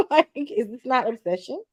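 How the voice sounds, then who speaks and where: Animated, blunt slangy woman. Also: high voice, takes it slowly, breathy edge. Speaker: podcast co-host. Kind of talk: casual reality-TV recap chat.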